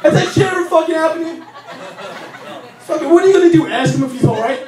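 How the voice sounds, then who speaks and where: A young male comic does a crude, exasperated stand-up set in a lounge. His voice sits very high for a man. The recording comes from a distance in an echoey room, with the audience laughing throughout. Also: quick pace, a crowd in the background. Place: comedy lounge.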